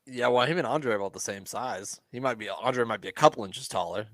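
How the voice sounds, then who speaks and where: A man's voice: fairly low pitch, fast talker, a bit bright, no room sound. A man co-hosting a casual podcast, joking and swearing often and laughing as he comments on a wrestling match. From US Midwest. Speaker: podcast co-host.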